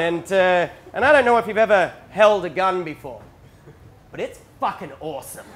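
A man's voice: high voice, fairly bright tone. A man telling a comic story on stage, stammering and self-mocking. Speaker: stand-up comedian. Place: theatre stage with audience.

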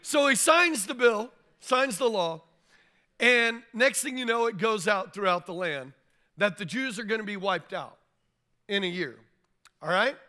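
A man's voice: sits high, expressive, a little slow, pushed and bright. A man preaching a sermon, retelling the story in a loose storytelling style and acting out what the figures say in casual modern speech. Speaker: pastor. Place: church.

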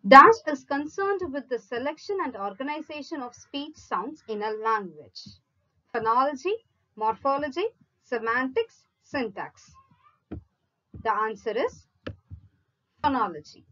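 A woman teacher slowly reading out multiple-choice questions, listing each option before giving the answer. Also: high-pitched, big pitch swings, sharp tone, highs cut off, slight background noise. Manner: measured, reads each option in a list then gives the answer. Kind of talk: slow read-out quiz lesson.

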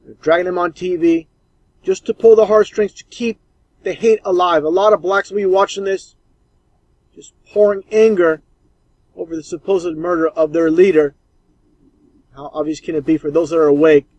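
A man's voice: high voice, steady tone, normal speed, long pauses, darkish tone, dry recording, muffled recording. A man commenting scornfully and insistently over old clips.

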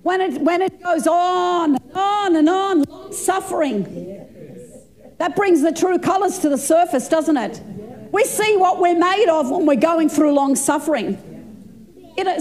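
A woman's voice: very high-pitched, measured pace, a little mellow. A woman pastor in her sixties preaching a fervent sermon, stretching and repeating her phrases.

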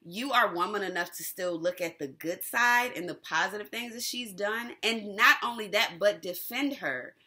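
A woman hosting a casual TV episode recap, animated and slangy, who laughs often. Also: mid-range voice, moderate pace, hardly any pauses. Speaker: TV recap host.

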